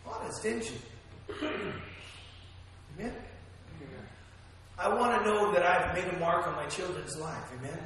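Energetic male preacher; high, bright voice; recorded from a distance in a reverberant church hall. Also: measured pace, long pauses, slight background noise. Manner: energetic, calls for amens. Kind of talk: sermon.

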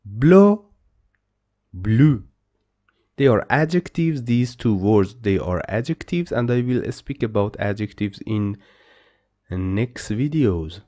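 A man's voice: fairly low pitch, expressive, slow, warm tone. A man teaching a pronunciation lesson, who explains patiently and repeats each word several times. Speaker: language teacher.

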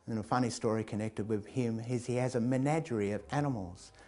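Man, storyteller, comic tale, lively, chuckles, middle pitch. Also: a little fast. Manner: lively, chuckling, builds to loud climaxes.

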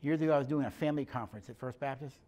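A middle-aged man talks very fast in a mellow, medium-pitched voice. As a speaker on emotional health and leadership, he teaches conversationally, sharing stories in plain speech and acting out the dialogue.

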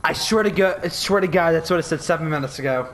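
A man's voice: on the high side, fast talker, background noise. A drunk man rambling and laughing in casual chat while playing a video game. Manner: giggly, rambling, loud outbursts. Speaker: gamer.

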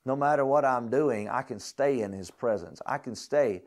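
A young man delivers a lecture like a sermon at a ministry school. He is fervent and exhorting, and his voice sits at a middle pitch. He climbs in intensity and then drops into soft, quiet prayer. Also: normal speed, hardly any pauses.

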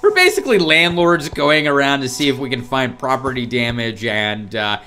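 A man with a mid-range voice co-hosts a horror game playthrough, speaking at normal speed in an animated, sharp tone. He mocks his partner with sarcastic, profane jokes as gaming commentary.

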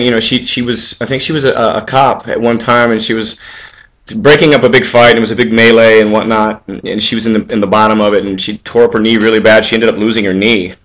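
A man in his forties talking casually into the camera for his own video, rambling with lots of fillers and restarts, swearing freely and getting louder and higher when he gives advice. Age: 40s. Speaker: vlog host. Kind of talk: casual monologue.

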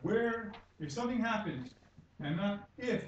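A man's voice: high-pitched, lively intonation, measured pace, lo-fi sound. A man in his fifties from Hawaii, speaking English with a Hawaii Pidgin accent, giving blunt, angry, repetitive testimony with swearing at a public hearing. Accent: Hawaii Pidgin-tinged English. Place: conference room. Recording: echoey room from far off, faint noise.

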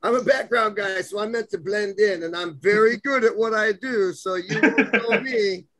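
High-voiced joking comedian guest. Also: male voice, moderate pace, noisy background. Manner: joking and self-deprecating. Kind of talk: casual banter.

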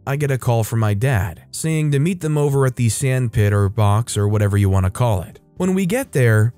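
A man narrates online stories in a steady, conversational reading voice. His tone is mellow and relaxed, at a middle pitch. Faint music plays softly under the voice. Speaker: story narrator.

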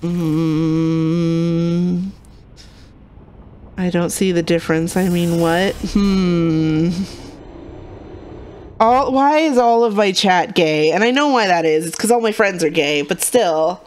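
A woman's voice: on the low side, slow, pauses often, a little mellow, clear, resonant tone. A woman streamer giving casual gameplay commentary, playful and teasing, often muttering to herself between remarks.

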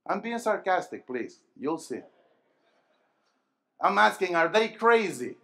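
A man with a high voice preaches to a youth gathering, taking his time over each phrase. He keeps asking the congregation questions and waits for them to answer. His delivery drops low and quiet, then rises to loud, emphatic bursts. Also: very animated, takes it slowly, creaky, long pauses. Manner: call-and-response, asking the crowd questions. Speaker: pastor. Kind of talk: sermon to a youth rally.

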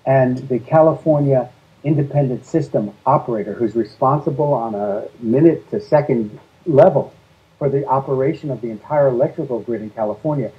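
Man guest going point by point, calm and methodical, slightly muffled sound. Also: mid-range voice, brisk. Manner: steady, methodical, lists points in sequence. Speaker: guest, energy policy advocate. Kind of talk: earnest interview answers.

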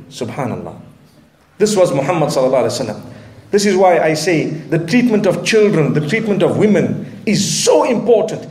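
A man's voice: high-pitched, echoey room. A man delivering an earnest sermon with Arabic phrases and touches of light humor. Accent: Southern African English. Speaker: preacher.

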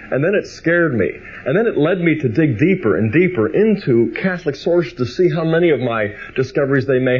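A man giving a biblical theology lecture. He reads scripture slowly with emphasis, then speeds up into personal storytelling. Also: medium pitch, a little mellow, slightly rough, highs cut off.

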